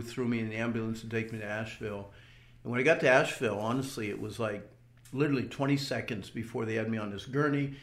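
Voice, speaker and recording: Gravelly older man telling his story. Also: mid-range voice, echoey room. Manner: earnest storytelling with repeated restarts. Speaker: interviewee. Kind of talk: personal testimony.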